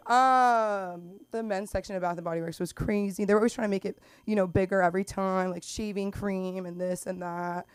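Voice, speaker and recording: A young woman performing an open mic stand-up set, rambling through stories with lots of "like" and "um" and bursting into loud put-on voices for the people she describes. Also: mid-range voice, steady tone, a little fast, few pauses, clean tone, no room sound. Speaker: stand-up comic. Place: small comedy club stage.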